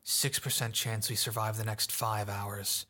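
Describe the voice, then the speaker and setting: A man's voice: lowish voice, little pitch movement, measured pace, sharp tone. A man voicing a timid, frightened young girl with a pleading, fearful manner. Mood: flat.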